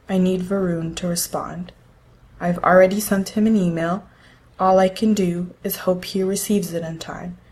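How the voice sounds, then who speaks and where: Woman narrating a first-person story, low-pitched. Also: a little mellow.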